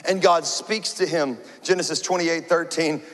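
A male pastor preaching a sermon with animated, humorous storytelling, in a church hall with a long reverb. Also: fairly high pitch, moderate pace.

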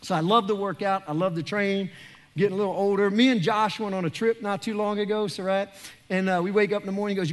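A man, a pastor giving a joking, animated sermon in a large church. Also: sits high, quick pace. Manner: animated, joking, acts out quoted voices.

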